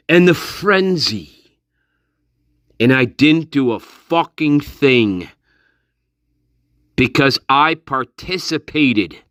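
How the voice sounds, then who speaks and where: A man hosting a livestream, slowly reading out and mocking a statement in a profane rant. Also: fairly high pitch, a bit bright, dry recording, clean studio sound. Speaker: channel host. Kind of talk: livestream commentary.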